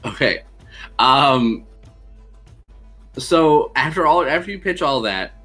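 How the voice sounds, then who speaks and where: A man narrating as game master of a tabletop game, pausing often with fillers. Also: mid-range voice, animated, sharp tone, breathy edge, faint music behind. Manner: halting, many fillers.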